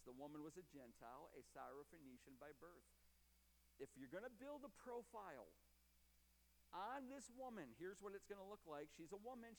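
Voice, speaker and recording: A middle-aged man preaching a sermon, repeating phrases for emphasis and swinging from loud to hushed. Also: sits high, in a large hall, a little hiss or hum, poor audio. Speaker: pastor.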